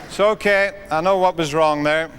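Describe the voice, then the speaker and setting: A man's voice: fairly high pitch, normal speed, background noise. A man with an Irish accent telling jokes and chatting with a live audience between trick shots. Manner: chatty, joking, teasing the audience. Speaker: comedian and snooker entertainer.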